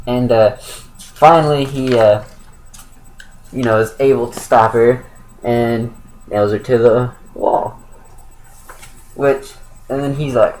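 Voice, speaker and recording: A man's voice: mid-range voice, darkish tone, a little hiss or hum, rough recording. A young man giving a casual, rambling spoken review of a comic book, with lots of fillers and self-corrections.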